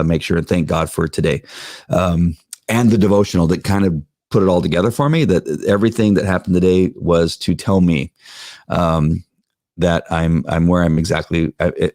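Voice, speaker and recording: Low-pitched male co-host, middle-aged, dry close sound, jokey and halting. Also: darkish tone, no room sound. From United States. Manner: joking, halting with restarts. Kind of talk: casual chat.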